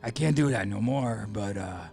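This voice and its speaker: A man playing a boastful werewolf with a growling, gravelly voice who drawls and calls people baby, in an improvised radio comedy. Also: lowish voice, moderate pace, darkish tone. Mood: rambling. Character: boastful male werewolf, laid-back 1970s hipster. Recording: music playing behind. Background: music.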